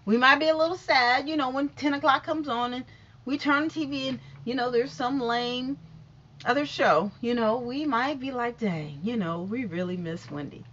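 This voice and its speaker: Woman gossip vlogger with a cold: high, bright, swooping delivery, stuffy nose, sassy and dramatic, dull lo-fi sound. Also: fairly even intonation, moderate pace, slight background noise. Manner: dramatic and sassy, talks back to absent people. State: sick and stuffy-nosed. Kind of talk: sassy celebrity gossip commentary.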